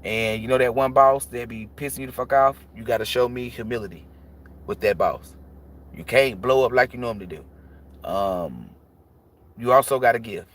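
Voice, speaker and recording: A man's voice: medium pitch, normal speed, a bit bright. Blunt, profane man preaching on a livestream. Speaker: tarot reader. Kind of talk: casual livestream talk.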